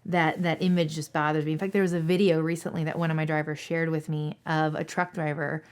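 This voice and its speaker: Candid woman in her thirties, slightly low. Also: flat delivery, fairly quick, clean tone. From Seattle, Washington State. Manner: candid and earnest, with emphatic repetition. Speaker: dispatcher. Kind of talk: interview answers.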